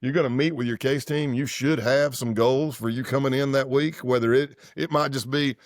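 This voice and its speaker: In a clean studio with no room sound, a man in his fifties speaks in a mid-range voice at normal speed with few pauses. A former undercover agent, he tells stories casually in an interview, rambling loosely and correcting himself while acting out quoted dialogue in lively, varied voices.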